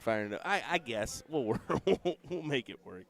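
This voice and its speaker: A man giving relaxed, chatty live commentary on a darts match, with joking asides about himself. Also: mid-range voice, moderate pace, gravelly, few pauses, soft background music. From United States.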